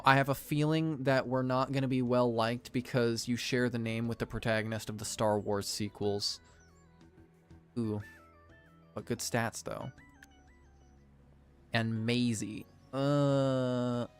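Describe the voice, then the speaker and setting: A young man giving casual, jokey let's-play commentary, self-deprecating with theatrical outbursts, as a gaming video creator. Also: medium pitch.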